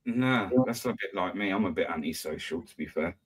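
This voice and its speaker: A British host of a live online voice-chat panel keeps the banter casual and jokes about himself in his stories. His low voice moves a little fast, fairly bright with a breathy edge, and there's no echo.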